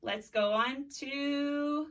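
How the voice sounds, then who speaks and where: This Spanish teacher, a woman in her thirties, speaks extremely slowly in a high, slightly bright voice, picked up by a distant mic. She's leading a recorded video lesson, drilling words and asking students to echo her.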